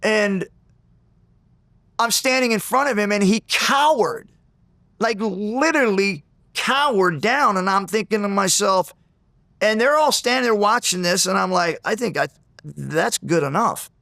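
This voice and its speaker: A man being interviewed, retelling an old grudge in an intense, animated way with many restarts. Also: high-pitched, unhurried, no echo, clean studio sound. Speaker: interview guest, former fighter. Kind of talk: storytelling in a sit-down interview.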